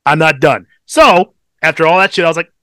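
A man co-hosting a podcast, telling a story in casual chat, swearing constantly and animated. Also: on the high side, fairly quick, dry recording, studio quality. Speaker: podcast co-host.

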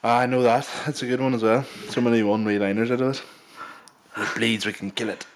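A man's voice: medium pitch, steady tone, quick pace. A man, co-hosting a podcast in casual, teasing banter and swearing freely. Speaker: podcast co-host.

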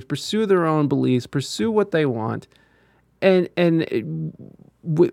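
A man's voice: on the high side, creaky, a little mellow, no echo, clean studio sound. A man ranting in casual commentary, profane and heated, rambling with many restarts.

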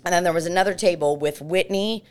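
A woman's voice: lowish voice, fast talker, clear, resonant tone. A woman from Belarus, a podcast co-host, telling stories in casual chat, swearing freely and acting out voices. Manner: animated, swears freely, acts out voices in anecdotes.

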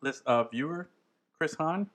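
A young man with a slightly high voice drifts through a loose sports conversation, rambling and slangy, and often breaks into laughter. He sounds like one of the regulars trading takes with friends. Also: lively intonation, a little slow, fairly bright tone. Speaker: podcast co-host. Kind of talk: casual sports chat.

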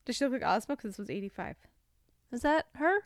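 A woman co-hosting a casual podcast, recapping a movie and acting out the characters in quick voices. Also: a little high, sing-song, no echo, clean studio sound. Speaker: podcast co-host.

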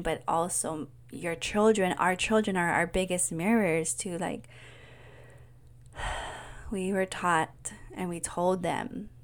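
A middle-aged woman mentor speaking in an earnest, soft-spoken personal monologue, often dropping to a whisper. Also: on the low side. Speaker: mentor and coach.

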